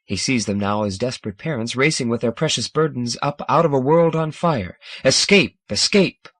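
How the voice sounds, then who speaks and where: A man reading a science fiction audiobook in a dramatic, measured narration style. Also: medium pitch, dry recording. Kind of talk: scripted narration.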